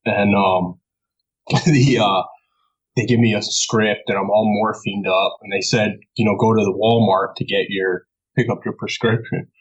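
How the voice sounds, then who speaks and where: On a low-quality recording, a lowish, breathy-edged voice belongs to a man from New York appearing as a podcast guest. Animated and casual, he tells a story while laughing frequently and swearing without restraint.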